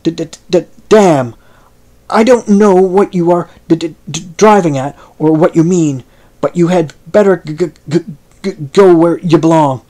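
A man's voice: fairly high pitch, moderate pace, a little mellow, close to an everyday voice. A man voicing a young male sailor with a stutter who bursts out in resentful, hot-tempered protest. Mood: angry.

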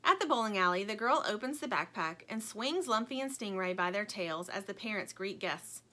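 A woman narrating a children's book in an expressive, playful storytelling manner. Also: mid-range voice, normal speed. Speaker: audiobook narrator.

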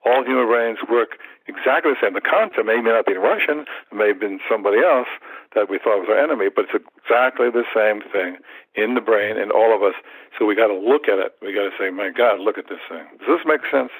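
A man in his seventies, a martial arts teacher, telling stories in an animated way in a podcast interview. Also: lowish voice, quick pace, breathy edge, dry recording, rough recording. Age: 70s. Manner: animated storyteller, acts out quoted thoughts, repeats words.

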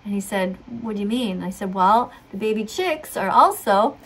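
A woman's voice: mid-range voice, lively intonation, normal speed, fairly bright tone, husky. A middle-aged woman earnestly telling a rambling story, acting out what others said. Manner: rambling, earnest, acts out quotes. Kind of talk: storytelling monologue.

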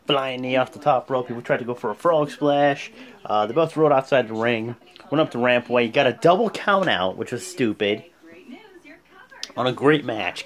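A man hosting a casual vlog, recapping events in a rambling, animated way. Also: mid-range voice. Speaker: host.

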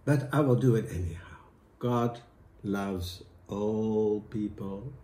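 A man putting on a sanctimonious old village priest, hushed and lowered as he preaches. The voice is warm and slow, in an echoey room. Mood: solemn.

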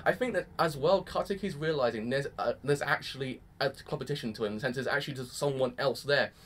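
A young man casually reviewing an anime episode, excitable and gushing, peppering his talk with "freaking". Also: mid-range voice, fairly quick, a little hiss or hum.

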